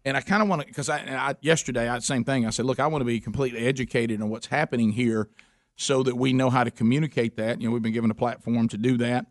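A man's voice: mid-range voice, fairly even intonation, fast, no echo, clean studio sound. A man hosting a talk radio show, speaking earnestly with many restarts. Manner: earnest, rambling. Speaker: radio host. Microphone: studio mic.

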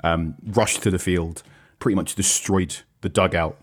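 A British man with a very low voice and a husky, slightly rough edge tells his story at an easy pace. He stumbles and restarts often and fills his pauses with "uh" and "um", like a reporter chatting after the match. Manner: relaxed storytelling with frequent fillers and restarts. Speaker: football journalist. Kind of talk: conversational reporting.

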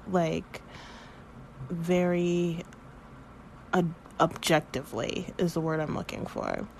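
A woman in her thirties hosts her own spiritual podcast, rambling candidly and emotionally in a casual monologue, swearing freely and close to tears. Her voice is lowish and darkish, with slight background noise.

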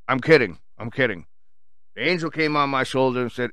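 Man, profane storytime rant, heated and insulting, bright voice, dry sound. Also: medium pitch, a little fast, clear, resonant tone, no echo.

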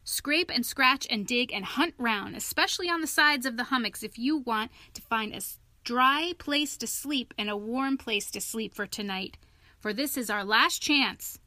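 A woman voicing a clever, eager male water rat who speaks in an emphatic, impatient and excitable way. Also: a little high, moderate pace, no room sound, voice pushed up.

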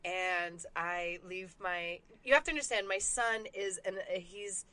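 A woman co-hosting a casual chat, telling a story in an animated, profane way, laughing and acting out the quotes. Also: lowish voice, unhurried, dry recording. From Puerto Rican background.

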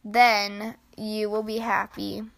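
A woman voicing a gentle, selfless female apple tree in a read-aloud storybook, speaking softly and apologetically. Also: medium pitch, little pitch movement, slow pace, gravelly. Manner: soft, tender, apologetic storybook reading.

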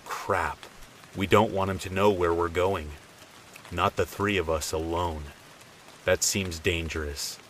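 With faint rain noise behind him, a man reads out a true scary tale in calm, measured narration from a script. Whenever he quotes someone, his voice sinks low and quiet.

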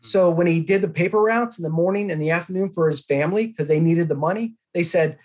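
A man as a podcast guest, telling a life story in an earnest, animated way. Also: sits high, fast, hardly any pauses. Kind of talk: conversational interview.

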